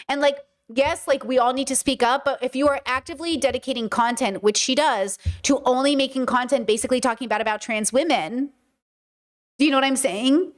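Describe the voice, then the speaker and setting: Young adult woman, streamer, slightly high voice, casual commentary, emphatic, repetitive, swears often. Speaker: streamer and podcast host.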